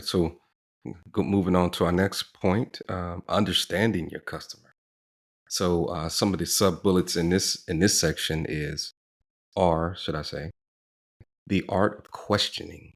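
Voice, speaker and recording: A man co-hosting a podcast, explaining ideas in a measured, reflective way in casual talk. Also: low-pitched. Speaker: podcast co-host.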